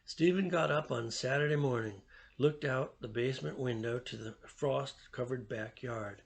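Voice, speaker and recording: A man reads a story aloud in a steady, even way. His voice sits at a middle pitch with a noticeable gravelly grain. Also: moderate pace.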